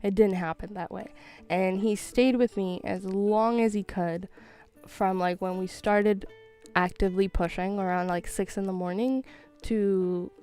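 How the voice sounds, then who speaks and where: A young woman chatting on a gaming stream, her voice sitting at an ordinary middle pitch. She tells her story in a loose, animated way, full of fillers and quick laughs. Soft music plays faintly behind her. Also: clean tone.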